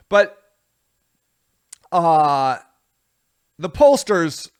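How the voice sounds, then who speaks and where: A man from the United States talks slowly and casually to the camera, rambling along and poking fun at himself. His voice sits a little high for a man and jumps between quiet asides and loud bursts. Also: clean tone. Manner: rambling, self-deprecating, animated; voice swings widely in loudness. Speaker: vlogger, show host. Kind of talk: casual solo commentary.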